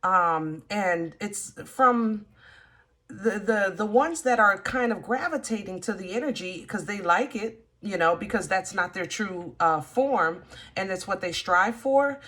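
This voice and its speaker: A woman talks straight to her viewers as she gives a collective tarot reading. Her talk is chatty and emphatic, and she pauses often with fillers. Her pitch sits in the middle for a woman. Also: expressive, fairly bright tone. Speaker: tarot reader. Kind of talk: casual tarot reading to camera.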